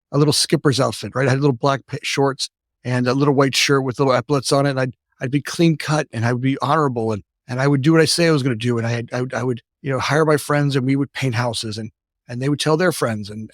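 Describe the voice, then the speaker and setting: A man in his fifties from the United States, a company founder telling stories as an interview guest. He talks rapidly, tags his lines with "right?" and often restarts his sentences. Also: medium pitch, dry recording, studio quality. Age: 50s. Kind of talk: casual storytelling interview.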